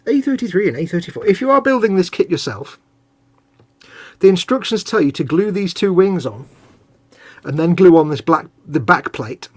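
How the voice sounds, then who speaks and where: A man's voice: sits high, expressive, moderate pace. A man co-hosting a live hobby stream, chatting casually and joking while he puts together a model kit. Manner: jokey, rambling, mocking banter. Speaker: co-host of a model-building stream.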